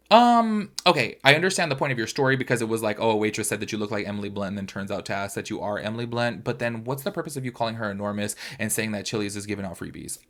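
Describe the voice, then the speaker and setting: A young man talks quickly in a loose, gossipy podcast style. He sounds chatty and opinionated, keeps turning to his listeners as "y'all", and his voice sits at an ordinary middle pitch. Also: expressive, a bit bright. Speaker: podcast host. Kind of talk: casual pop-culture commentary.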